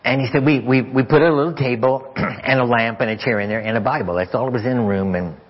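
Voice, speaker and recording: A deep-voiced male guest preacher with a husky, breathy tone tells a story in a church, stammering through repeated words. He often lowers to a near whisper for tender moments. The recording sounds dull and lo-fi. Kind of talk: sermon storytelling. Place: church sanctuary.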